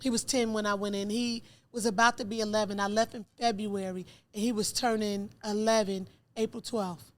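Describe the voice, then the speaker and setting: A middle-aged woman telling her own story in an interview, acting out dialogue with lively jumps in voice. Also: normal speed, hardly any pauses. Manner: animated, acts out dialogue with rising pitch.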